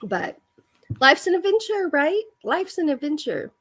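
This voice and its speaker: A woman's voice: sits high, sing-song, a little slow, a bit bright. A woman hosting a casual live chat with her viewers, giggly and self-deprecating. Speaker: livestream host.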